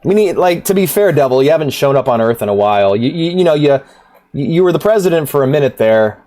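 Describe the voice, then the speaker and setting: A man's voice: fairly high pitch, quick pace. Rambling, profane male streamer. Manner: rambling, profane, laughs often, animated swings. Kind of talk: casual livestream chat.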